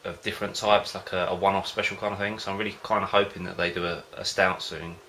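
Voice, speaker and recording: A man's voice: low-pitched, level tone, quick pace, pushed and bright, slight background noise. A man vlogging about home brewing in a casual, rambling way, often hesitating and losing his thread. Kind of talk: casual rambling chat to camera.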